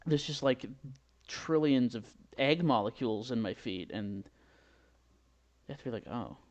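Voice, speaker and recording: A man giving a rambling mock lecture as a pretend professor, halting and full of restarts, with sudden loud outbursts. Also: medium pitch, lo-fi sound. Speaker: comedy video maker posing as a drawing professor.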